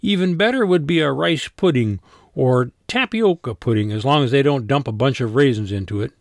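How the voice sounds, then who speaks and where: Man reading as a raspy polka band front man. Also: medium pitch, animated, fairly quick, no echo, clean studio sound, lightly acted. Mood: wry. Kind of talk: audiobook character voice.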